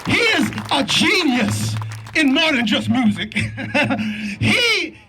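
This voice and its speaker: High, bright-voiced man giving a rally speech. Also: sing-song, slow, a little hiss or hum. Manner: fervent, repetitive, preacher-like cadence. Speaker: protest speaker. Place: outdoor street protest. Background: faint crowd.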